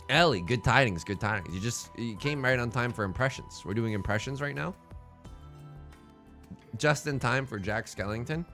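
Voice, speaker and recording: A man giving casual live-stream commentary on a game, animated, playful and self-mocking. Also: mid-range voice.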